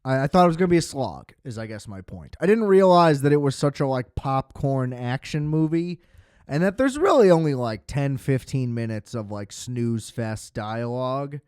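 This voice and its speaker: Smooth, dry-sounding podcast host rambling sarcastically. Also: male voice, mid-range voice, lively intonation, moderate pace, darkish tone, dry recording. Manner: rambling, sarcastic, swears freely, many fillers. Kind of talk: casual film review monologue.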